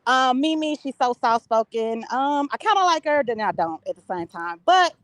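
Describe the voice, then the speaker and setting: A woman calls in to a live show with her opinions. Her voice is fairly high, and she talks bluntly and loosely, with plenty of ums. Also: lively intonation, normal speed, a bit bright, low-quality recording. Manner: blunt, chatty, lots of fillers. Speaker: caller. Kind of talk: casual call-in opinions.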